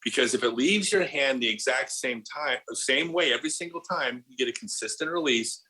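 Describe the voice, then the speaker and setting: A middle-aged man with a bright, forward voice chats on a podcast, spinning stories with lots of false starts. He leans on "like" and keeps circling back to his point. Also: medium pitch, normal speed, slightly rough, poor audio. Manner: animated storyteller, lots of restarts and "like". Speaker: podcast guest, disc golf pro. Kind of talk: casual podcast chat.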